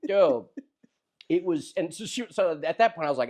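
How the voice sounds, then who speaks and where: A young man telling a funny story in casual chat, animated and often laughing as he acts out what people said. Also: on the high side, moderate pace. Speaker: podcast host telling a story.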